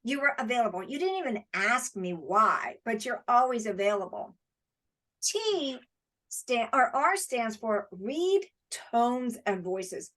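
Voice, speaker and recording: Woman gushing praise at an award handoff, higher voice, lots of repeating for emphasis. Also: lively intonation, a little slow. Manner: warm, effusive praise with emphatic repetition. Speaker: award presenter. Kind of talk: heartfelt award speech over video call.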